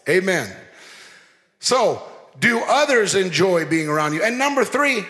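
A man preaching a lively sermon as pastor, joking and mimicking people as he talks. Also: high-pitched, measured pace. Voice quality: animated, playful, mimics people. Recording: long hall reverb.

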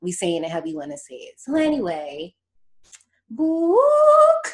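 Brief: a lively woman host recapping a film, slangy, a touch low-pitched. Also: a little fast. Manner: animated, laughing often, slangy storytelling. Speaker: podcast host recapping a horror movie. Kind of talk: casual chat.

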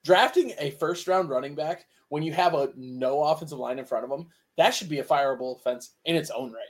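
A man's voice: on the high side, a little fast. A man co-hosting a sports podcast, arguing his points emphatically and repeating lines for effect in casual chat. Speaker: podcast co-host.

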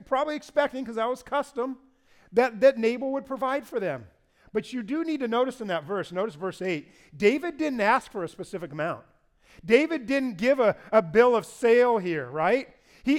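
Guy with a high voice preaching, gets loud and lively, has the crowd repeat words back. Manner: animated preaching, asks the congregation to repeat words. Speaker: pastor. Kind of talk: sermon.

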